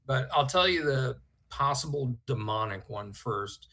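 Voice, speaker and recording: A man tells a long personal story as a podcast guest. He rambles and keeps it animated, filling the pauses with lots of ums and uhs. His voice sits at an ordinary middle pitch. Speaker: guest artist.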